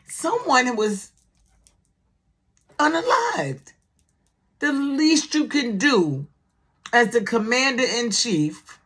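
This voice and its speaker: A woman giving casual news commentary on her channel, chatty and indignant, her voice climbing high when she gets upset. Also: a bit bright.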